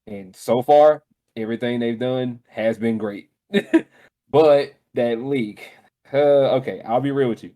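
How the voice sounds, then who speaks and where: A man co-hosting a gaming podcast in casual chat. He tells stories with excitable energy, jumping up in pitch when he gets worked up. His voice sits in a middle register. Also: a little slow. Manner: excitable, animated storytelling with laughs. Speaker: podcast co-host.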